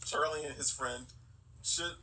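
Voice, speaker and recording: Bright, sarcastic male podcaster. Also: medium pitch, expressive, brisk. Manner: sarcastic, joking commentary. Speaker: podcast co-host. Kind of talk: casual movie recap chat. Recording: distant mic with faint background hiss.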